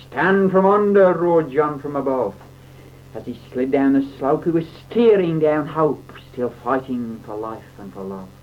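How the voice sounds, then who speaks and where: A man reciting comic verse in a theatrical, mock-dramatic way, on a dull, slightly noisy old recording. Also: medium pitch. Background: audience laughter.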